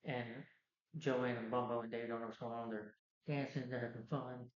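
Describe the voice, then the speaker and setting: Speaking at a moderate pace with a level tone and medium pitch, a man gives a casual recap of a movie's plot. His retelling rambles, peppered with "you know" and "like," captured in a dull, roomy lo-fi recording.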